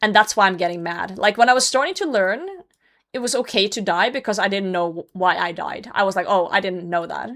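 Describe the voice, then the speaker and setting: A young streamer gives casual live commentary on her game in a mid-range, fairly bright voice at a brisk pace. She's blunt with viewers and mocks herself, laughing often and swearing whenever she gets frustrated.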